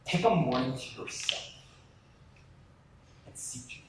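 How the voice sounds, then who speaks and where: A male pastor preaching a sermon to a live audience, animated and chatty, talking straight to the crowd. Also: medium pitch, slow pace, slight background noise. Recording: echoey hall from far off.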